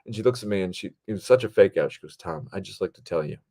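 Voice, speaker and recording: A man hosting his own show, telling behind-the-scenes stories in a rambling, animated way and acting out what people said. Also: quick pace. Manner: rambling and animated, acts out quotes in higher voices. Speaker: podcast host and film director. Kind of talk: casual storytelling monologue.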